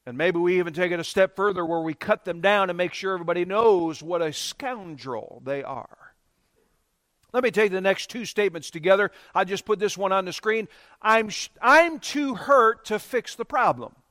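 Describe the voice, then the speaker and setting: High-voiced preacher, dry close sound. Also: male voice, a little fast, dry recording. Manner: preaching with call-and-response, rising to emphatic bursts. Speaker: pastor. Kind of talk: sermon.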